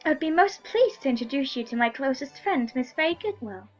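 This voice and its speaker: A gushing young noblewoman from a period story game, eager and a little breathless, voiced by a woman reading aloud. Her pitch sits a bit high. The sound is muffled, with faint game music underneath. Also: lively intonation, brisk. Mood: sweet. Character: bubbly young noblewoman, gushing over officers.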